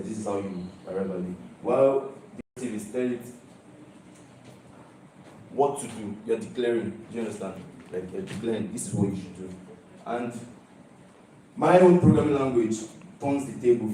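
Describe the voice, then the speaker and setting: A young man from Nigeria presents his student project in a mellow, relaxed voice. He stresses his points and repeats them, often checking in with his listeners. He sounds far from the mic in a very echoey hall. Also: on the low side, slight background noise. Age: young adult. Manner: emphatic, repeats key phrases, keeps asking "do you understand?". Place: large lecture hall. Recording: echoey hall, heard from a distance.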